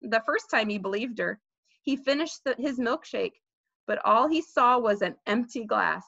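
A woman teacher reading a children's novel aloud with expressive storytelling, in a dull lo-fi recording. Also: fairly high pitch, moderate pace, creaky, dry recording. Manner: expressive storytelling, with light laughs.

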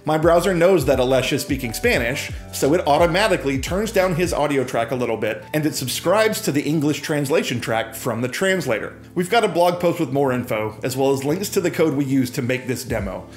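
A man presenting a software demo in breezy, upbeat scripted narration that explains things clearly. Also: a little high, animated, a little fast, few pauses, soft background music.

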